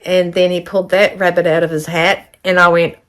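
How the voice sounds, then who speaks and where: A woman chatting casually to camera from her home sewing studio, rambling and excitable as she shows her makes. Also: on the low side, a little fast. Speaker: sewing vlogger.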